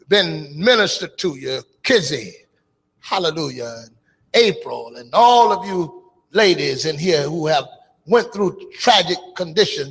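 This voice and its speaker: Fervent male preacher, high gravelly voice, church hall reverb, shouts and half-sings. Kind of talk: call-and-response church sermon. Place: church sanctuary.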